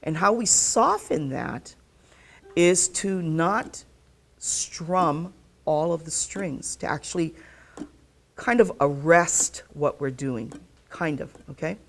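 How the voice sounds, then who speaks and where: A woman teaching a live online ukulele lesson. She talks patiently, repeats herself, checks in with "okay?" and counts the beats out loud. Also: deep voice, slow pace. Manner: counts beats aloud while playing. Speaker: ukulele instructor.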